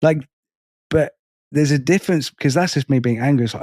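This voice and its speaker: Blunt man, halting, swearing. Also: medium pitch, a little mellow, dry recording, studio quality. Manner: halting, repeats words, swears freely. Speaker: podcast co-host. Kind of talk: casual podcast chat.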